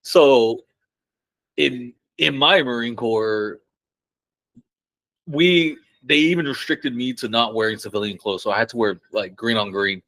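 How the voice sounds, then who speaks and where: A man's voice: mid-range voice, unhurried, no room sound, rough recording. Young man telling stories, casual. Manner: excited, swearing, laughs often, acts out quotes loudly. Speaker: podcast guest. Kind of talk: casual storytelling.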